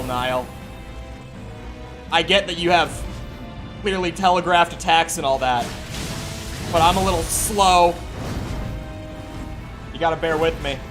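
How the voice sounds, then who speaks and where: Swearing male game streamer. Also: fairly high pitch. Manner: casual, swears freely, talks to chat. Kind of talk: live gameplay commentary. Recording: faint music behind.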